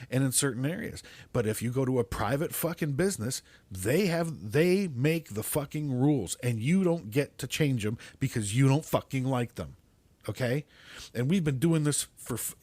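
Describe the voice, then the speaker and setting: A middle-aged podcast host rants with constant swearing, tripping over his words when he gets worked up. His voice sits at an ordinary middle pitch. The recording is dry and close, with no room sound. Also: expressive, moderate pace, darkish tone, no room sound. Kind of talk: profane ranting monologue.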